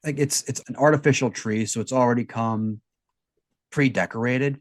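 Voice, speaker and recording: A man's voice: medium pitch, normal speed. A man hosting a comedy panel show on a video call, wry and self-deprecating. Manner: wry, self-deprecating, drops into scripted segment intros. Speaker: host. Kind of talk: casual comedic chat. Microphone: video call mic.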